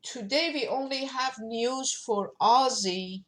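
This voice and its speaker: A woman streaming her forex trades, thinking aloud as she clicks through charts, with many pauses and fillers. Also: a little high, fairly bright tone. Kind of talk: live screen-share trading commentary.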